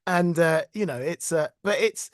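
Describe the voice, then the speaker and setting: A middle-aged British man, a voice actor, telling stories in a casual interview with animated, self-deprecating warmth and frequent laughs. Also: fairly high pitch, moderate pace, dry recording, studio quality. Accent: British English. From Britain. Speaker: voice actor guest.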